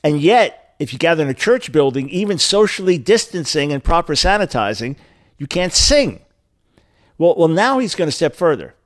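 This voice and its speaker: A man's voice: a little high, very animated, brisk, few pauses, dry recording. Male call-in radio host, punchy emphatic delivery, dry close sound. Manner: emphatic, rising to stress key words. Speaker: radio talk show host. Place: remote location.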